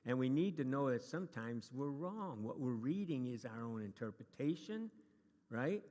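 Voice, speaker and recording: Upbeat guy teaching a church class, jokey and chatty, mid-pitch voice, long hall echo. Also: animated, normal speed, mellow. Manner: upbeat, joking, chatty with many restarts. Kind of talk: casual lesson to a live group. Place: church meeting room.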